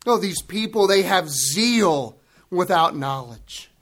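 A man's voice: sits high, expressive, takes it slowly, a bit bright. A man preaching a sermon, earnest and emphatic, repeating key words for weight.

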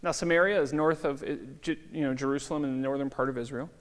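A man in his thirties, a pastor, giving a conversational sermon with relaxed fillers. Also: mid-range voice, quick pace. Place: church hall. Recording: long hall reverb.

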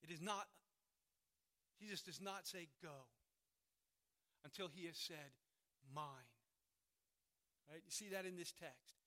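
A male pastor delivering a sermon with a high, bright voice. He is emphatic and pushes key words out loudly before dropping back to a quieter tone. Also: a little slow, pauses often. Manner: emphatic, swells loud on key words then drops quiet.

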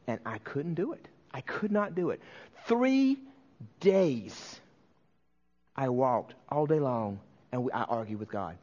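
A man preaching a sermon as a pastor, telling a personal story earnestly and emotionally, often dropping to a hushed voice, with frequent restarts. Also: mid-range voice, very animated, takes it slowly, muffled recording.

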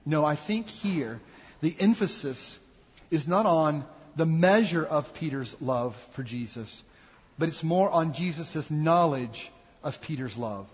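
Husky-voiced man preaching in a reverberant hall. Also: fairly high pitch, expressive, a little slow. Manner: earnest, reflective preaching with acted quotes. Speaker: pastor. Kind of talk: sermon. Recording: dull sound with long hall reverb.

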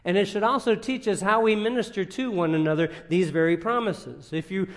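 A man's voice: sits high, fairly quick. A man preaching a sermon as pastor, teaching earnestly and leaning on key points with rising emphasis. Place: church sanctuary. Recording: long reverb of a church hall.

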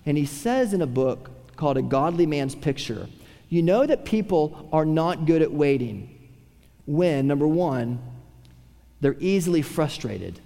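A man preaching a sermon, swinging from a raised voice to hushed, quiet tones. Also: fairly high pitch, expressive, a little slow, vocal fry, in a large hall. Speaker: pastor.

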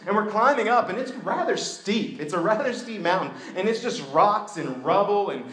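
A man preaching a sermon as a story, animated, going from loud outbursts to hushed tones. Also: high-pitched. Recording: echoey room.

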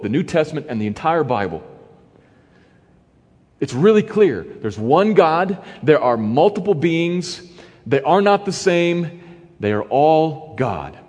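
Earnest male Bible teacher, lively pitch. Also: breathy edge, long reverb tail. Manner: earnest, emphatic, pauses between phrases.

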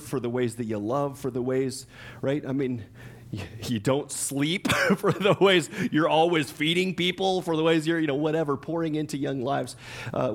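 A man preaching a sermon in a conversational, chatty way, with lots of fillers, restarts and laughter. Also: on the high side. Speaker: pastor.

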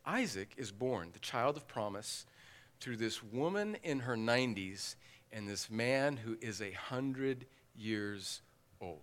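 A male pastor preaching an expository sermon, animated and acting out the dialogue of Bible stories. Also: mid-range voice, slow. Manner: animated, acts out Bible dialogue with dramatic voices.

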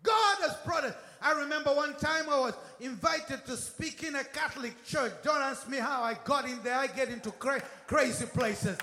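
Fervent, high-voiced British preacher. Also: male voice, normal speed, hardly any pauses. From Britain. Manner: fervent, often shouting, calls for amens. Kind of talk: sermon. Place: church. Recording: echoey church hall.

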